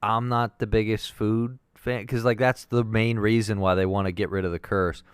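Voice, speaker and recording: A man's voice: lowish voice, little pitch movement, normal speed, clean tone, no echo, studio quality. A man co-hosting a casual movie podcast, rambling and joking, often trailing off mid-thought. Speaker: podcast co-host.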